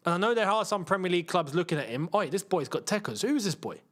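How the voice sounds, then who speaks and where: An excitable young man hosts a football channel's live match watchalong, commentating in a high-pitched, fast voice. He chats in slang and shouts whenever a chance comes up.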